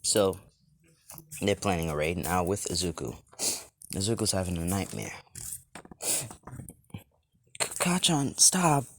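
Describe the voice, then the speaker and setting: A man's voice: low-pitched, normal speed, long pauses, a little hiss or hum. A young man casually narrating an improvised fan story, rambling with lots of fillers and restarts.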